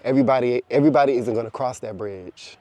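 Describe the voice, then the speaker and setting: A man giving a casual spiritual talk to the camera, telling animated stories and acting out quoted voices, with some casual swearing. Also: medium pitch, fast, no room sound. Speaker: spiritual content creator.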